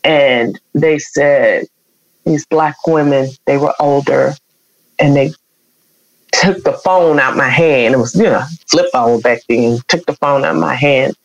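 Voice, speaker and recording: A woman's voice: a bass voice, takes it slowly, no echo, dull audio. A middle-aged woman, earnestly telling an emotional personal story as an interview guest. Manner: emotional, earnest, acts out quoted voices.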